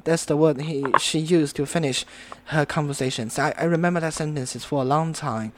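A man's voice: a little high, moderate pace, few pauses, a little hiss or hum. A man hosting a podcast interview, speaking hesitantly with frequent restarts. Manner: hesitant, with many fillers and restarts. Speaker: podcast host.

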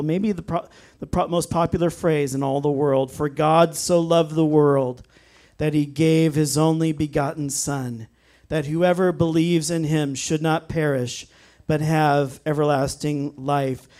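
A man preaching a sermon in a church, earnest and emphatic, slowing down to stress key phrases and reading scripture aloud. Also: a little high, steady tone, darkish tone. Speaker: pastor.

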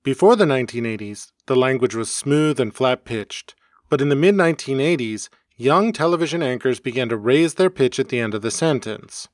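A man's voice: mid-range voice, normal speed, no room sound. Man reading a scripted podcast, dry sound. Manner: even, read-aloud delivery. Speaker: podcast host. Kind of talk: scripted educational narration. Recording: homemade podcast recording.

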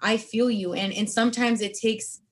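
A woman's voice: on the high side, steady tone, normal speed. A young woman guest on a podcast, talking openly and earnestly in casual chat. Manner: earnest and open, encouraging.

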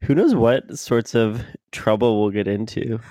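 A man's voice: medium pitch, a little slow, dark tone, no room sound. Laid-back man, dry sound. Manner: laid-back, giggly advice-giver. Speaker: podcast co-host. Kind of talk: casual chat.

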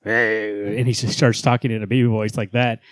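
Man, podcast co-host, casual rambling chat, mid pitch, dry close sound. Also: little pitch movement, quick pace, a little mellow, no room sound. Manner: rambling, laughs often, swears casually.

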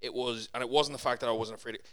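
Fast, bright-voiced man chatting on a podcast. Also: medium pitch. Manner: animated, reflective, swears casually. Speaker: podcast co-host, former firefighter. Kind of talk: casual podcast chat.

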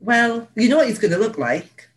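A woman's voice: on the high side, lively intonation, normal speed, rough recording. A woman from England, co-hosting a casual chat and rambling through stories with lots of fillers and laughs. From Northeast England. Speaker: podcast co-host.

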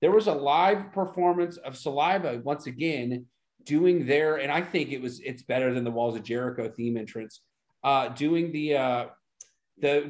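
Guy chatting about old wrestling on a podcast, kinda high voice, easygoing. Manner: enthusiastic, laid-back recapping. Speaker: podcast co-host. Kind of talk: casual chat reviewing wrestling.

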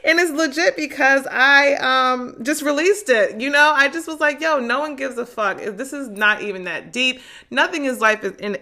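On her podcast, a young woman from New Jersey talks through a slangy, laid-back motivational monologue. Full of energy and frequent laughter, she moves from loud outbursts to quiet, low asides.

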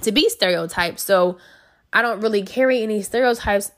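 Speaking at a normal speed in a medium pitch, this American woman recounts something from her own life. It comes out loose and conversational, with plenty of fillers and corrections along the way.

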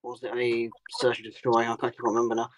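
A man's voice: medium pitch, completely flat delivery, fast. A man in a casual gaming chat on a podcast, laid-back and hesitant, often searching for words. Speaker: podcast co-host.

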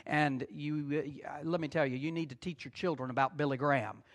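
A man in middle age delivers a sermon with a notably high-pitched voice. He talks to his congregation conversationally, repeating key phrases and acting out quick back-and-forth asides. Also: steady tone. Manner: conversational preaching with repetitions and acted-out asides. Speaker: pastor.

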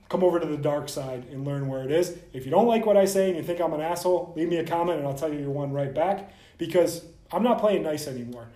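A man hosting a vlog, ranting bluntly and profanely straight to the camera as a soft tissue clinician. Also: on the high side, echoey room.

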